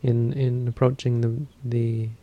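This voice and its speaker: A man who teaches Buddhism, giving a dharma talk and telling a story in a calm, measured way. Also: medium pitch, dull audio.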